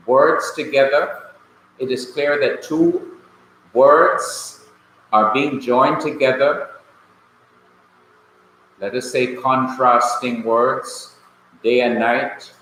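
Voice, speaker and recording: Slow bright-sounding guy teaching a class, very echoey room, bit of hum. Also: medium pitch. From Jamaica. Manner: slow, deliberate explaining. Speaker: Hebrew teacher. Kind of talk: classroom lecture.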